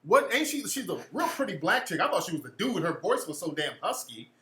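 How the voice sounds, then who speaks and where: A man talks straight to his viewers in loose street slang, blunt and profane. His voice sits a little high with a bright, forward edge. The room around him rings with echo. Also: very animated, fairly quick. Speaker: host answering viewers. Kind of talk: casual livestream chat.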